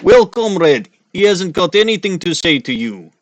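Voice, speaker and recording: A man voicing a gruff, threatening Russian thug with a put-on Russian accent in comic game voice acting. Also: high voice, big pitch swings, moderate pace, pitched above the performer's own voice. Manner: over-the-top mock threats.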